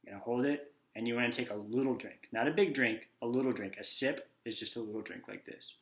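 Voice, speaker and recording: A man's voice: mid-range voice, fairly bright tone. A man teaching a children's phonics lesson, sounding out letters one by one and acting out each word. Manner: slow, sounds out letters and acts out words.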